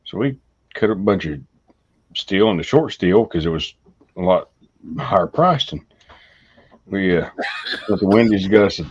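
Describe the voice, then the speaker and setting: A man's voice: sits low, expressive, normal speed, pauses often, breathy edge. A man telling a rambling story in casual chat, laughing at his own punchlines. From southern US. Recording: muffled lo-fi audio.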